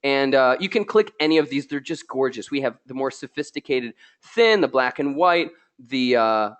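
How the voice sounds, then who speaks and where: Excitable, chatty man hosting a tutorial. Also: mid-range voice, moderate pace. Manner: excitable, chatty, jokes with viewers. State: a little tired from illness. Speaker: software tutorial host. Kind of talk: live screen-share tutorial.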